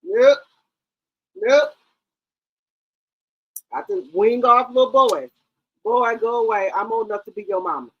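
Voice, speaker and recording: A woman's voice: fairly high pitch, a little fast, highs cut off. Sassy, blunt woman in her fifties. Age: 50s. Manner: blunt, sassy, curses freely. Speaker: livestream host. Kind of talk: casual livestream chat.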